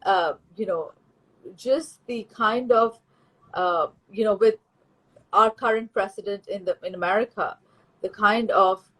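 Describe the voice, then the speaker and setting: Husky-voiced woman host. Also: medium pitch, a bit bright, low-quality recording. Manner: measured, with many "you know" fillers. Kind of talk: casual interview conversation.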